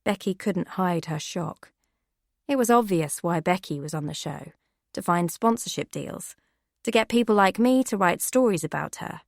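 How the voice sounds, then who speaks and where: A woman giving steady, measured first-person audiobook narration. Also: fairly low pitch, gravelly, no echo, clean studio sound.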